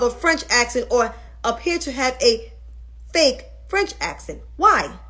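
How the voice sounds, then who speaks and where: A woman's voice: fairly high pitch, big pitch swings, measured pace, pushed and bright. A woman hosting a political commentary livestream, ranting heatedly and with lots of swearing, and answering viewers' comments as she goes. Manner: talks back to viewers' comments.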